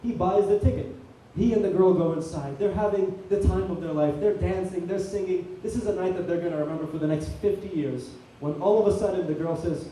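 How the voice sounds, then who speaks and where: Man, deadpan comedy host, mellow voice, echoey room, distant mic. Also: high-pitched, a little fast, few pauses, slight background noise. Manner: deadpan shaggy-dog joke telling. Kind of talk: stand-up comedy set. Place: comedy club stage.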